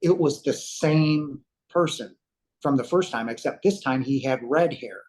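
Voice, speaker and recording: A man's voice: mid-range voice, measured pace, a little mellow, poor audio. A man, a guest on an interview show, retells a personal story at length, with acted-out quotes and frequent fillers.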